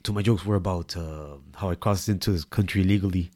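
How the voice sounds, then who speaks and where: A man's voice: sits low, quick pace, a little mellow. A man, co-hosting a podcast and telling a profane, laughing comedy story. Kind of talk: casual storytelling chat.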